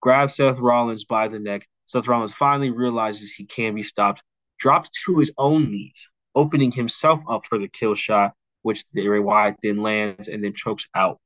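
Chatting casually on a podcast, this young male co-host rambles through a storyline, leaning on fillers, pitching a rewrite and tossing off quick impressions of wrestlers' lines. He speaks at a fairly low pitch, fairly evenly, with a fairly bright tone. There's no echo, though the audio is rough.

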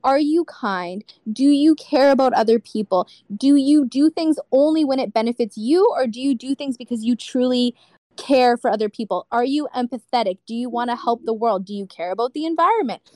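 A woman's voice: a little high, lively intonation, brisk, a little mellow, no room sound. A young woman talking candidly as a podcast guest, blunt and impassioned, swearing freely. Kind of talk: candid casual chat.

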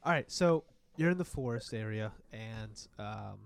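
A man's voice: on the low side, lively intonation, measured pace, creaky, slight background noise. A young man in casual chat with friends, narrating and joking as game master of a tabletop game. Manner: joking, laid-back narration with fillers.

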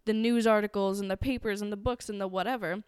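A woman's voice: medium pitch, fairly even intonation, fast talker, darkish tone, smooth, no room sound, clean studio sound. A woman co-hosting a true crime podcast, chatting casually and telling the story with friendly asides. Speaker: podcast co-host.

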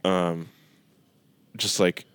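A male podcast co-host talks in an easygoing, joking way. His voice is low, smooth and clear. The recording is dry and close. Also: level tone, extremely slow, fairly bright tone, dry recording. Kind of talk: casual chat.

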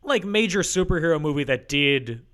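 Dry, rambling man with a bright voice. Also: fairly high pitch, moderate pace, clean tone. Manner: rambling, deadpan storytelling with dry asides. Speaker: podcast co-host. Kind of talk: casual chat. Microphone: remote call mic.

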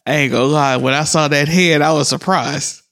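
A man co-hosting a podcast in casual, rambling chat, easygoing and quick to laugh. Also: on the high side, fairly even intonation, a bit bright. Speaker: podcast co-host.

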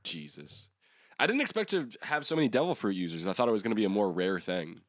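A man's voice: fairly low pitch, big pitch swings, quick pace, dry recording, studio quality. A young man co-hosting a podcast, chatting casually and rambling, laughing often and swearing. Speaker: podcast co-host. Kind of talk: casual chat about manga.

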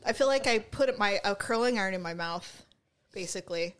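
A Bay Area woman co-hosts a casual podcast chat, complaining with exaggeration about her burning mouth and runny nose and laughing as she goes. Her medium-pitched voice is a bit bright, and she talks a little fast.

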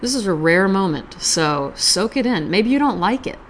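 A woman hosting a poetry podcast, chatting casually in a calm, self-aware way before reading a poem aloud. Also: medium pitch, normal speed, slight background noise. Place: Los Angeles.

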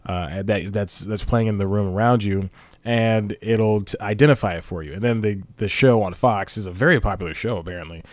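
A man's voice: fairly low pitch, a little fast, no room sound. A man hosting a casual solo podcast, rambling and laughing at his own jokes. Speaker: podcast host.

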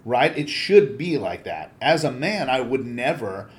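A man's voice: medium pitch, a little slow, hardly any pauses. A man who coaches sword fighting, a guest telling swear-laden stories in a casual podcast conversation. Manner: profane, animated storyteller.

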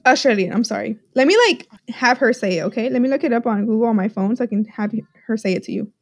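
A woman's voice: a little high, fast talker, dry recording, studio quality. A woman co-hosting a podcast, chatting casually and playfully, often joking and then saying she is kidding. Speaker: podcast co-host. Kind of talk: casual chat, slang guessing game.

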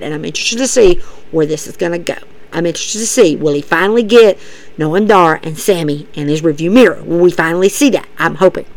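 Excitable woman recapping wrestling. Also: fairly high pitch, rough recording. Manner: excitable, animated, acts out quotes. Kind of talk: casual recap commentary.

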